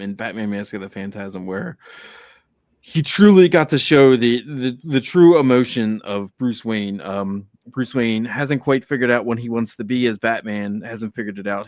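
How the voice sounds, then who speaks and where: On a casual podcast, a male co-host with a mid-range voice tells earnest, heartfelt stories and acts out quoted lines. The recording is dry with clean studio sound.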